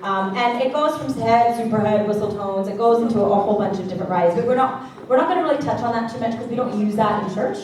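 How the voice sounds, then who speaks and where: Speaking quickly in a slightly high, animated voice, a woman teaches worship singing with a chatty, playful manner. She illustrates each lesson by singing short vocal exercises into a handheld mic. The sound comes from far away in an echoey classroom or church hall, with faint background noise.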